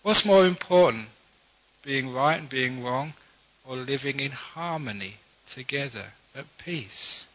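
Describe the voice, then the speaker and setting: A man who is a monk, giving a dharma talk with gently humorous, self-mocking storytelling. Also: mid-range voice, expressive, unhurried. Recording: dull lo-fi recording.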